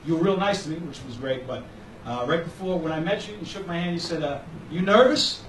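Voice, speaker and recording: A man's voice: a little high, fast, slight background noise. Man doing punchy stand-up. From Boston. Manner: punchy, self-mocking delivery. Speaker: comedian doing a short set. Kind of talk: stand-up set and banter. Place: comedy club stage. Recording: roomy live club audio from a distance.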